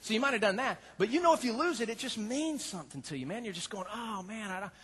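Man, preacher, high voice, playful dramatic storytelling, long hall reverb. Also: sing-song, quick pace, a bit bright, breathy edge. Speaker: pastor. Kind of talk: storytelling sermon.

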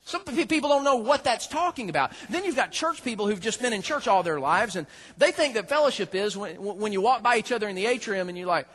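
A man preaching a sermon as a pastor, folksy and joking, with animated storytelling. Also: high-pitched, quick pace.

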